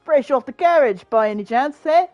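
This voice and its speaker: A woman's voice: sits high, animated, normal speed, no echo, muffled recording, soft background music, voice pushed up. A woman voicing a brash young male city tout in a game, with chummy street patter and a wandering accent. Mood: cocky. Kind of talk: voicing game dialogue aloud.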